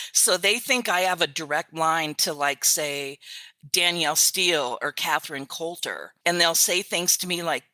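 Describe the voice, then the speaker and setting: An older woman talks in a low-pitched but bright voice, recorded close and dry. She chats easily as a guest and tells her stories with frequent laughter. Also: dry recording. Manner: chatty storyteller, quick to laugh. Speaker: author's virtual assistant, guest. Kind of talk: casual interview chat.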